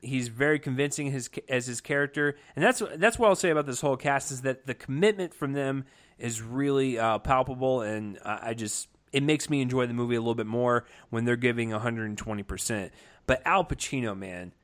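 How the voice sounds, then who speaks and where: A man's voice: medium pitch, fairly quick, fairly bright tone. A man giving a casual, enthusiastic movie review, talking with lots of fillers and restarts. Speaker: film reviewer.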